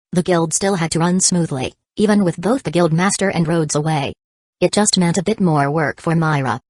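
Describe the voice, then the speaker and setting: Woman reading an audiobook, low voice, super dry close sound. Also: normal speed, darkish tone, no echo. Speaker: audiobook narrator. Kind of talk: scripted narration.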